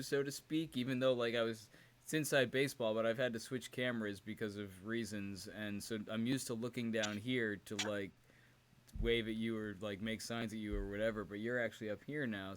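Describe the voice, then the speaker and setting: A man's voice: on the low side, moderate pace, a bit bright. A man co-hosting a podcast in loose, profane casual chat, laughing often between jokes. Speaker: podcast co-host; teacher.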